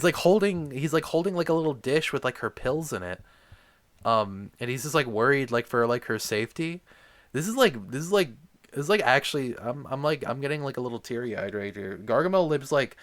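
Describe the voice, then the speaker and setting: A man's voice: medium pitch, fairly bright tone. Young man in a crude, rambling comedy rant. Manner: rambling, filler-heavy, crude. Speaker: comedic ranter.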